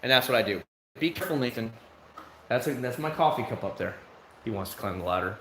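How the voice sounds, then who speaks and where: A man's voice: on the low side, lively intonation, quick pace, sharp tone, roomy sound. A man hosting a livestream, chatting casually with viewers in a candid, rambling way full of fillers, outside his home. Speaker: livestream host. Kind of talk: casual chat answering viewers.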